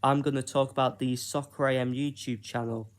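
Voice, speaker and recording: A man from Britain talking through his own ideas in a casual solo vlog, unhurried and hesitant, with plenty of ums and pauses. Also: mid-range voice, flat delivery. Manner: unhurried, hesitant, with frequent fillers. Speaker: YouTuber.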